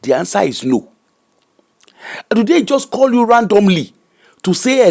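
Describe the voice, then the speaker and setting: A man's voice: high-pitched, very animated, a little slow, gravelly, pauses often, darkish tone. A middle-aged Nigerian man with a Nigerian accent, hosting an emphatic, preacher-like commentary that mixes Pidgin and English. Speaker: host.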